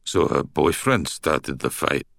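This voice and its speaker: A man's voice: a bass voice, lively intonation, slow, creaky, fairly bright tone, dry recording, studio quality, full character voice. A man voicing a blunt, skeptical male prisoner with a thick Glaswegian accent, asking hard questions. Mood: blunt, probing. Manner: blunt, interrogating.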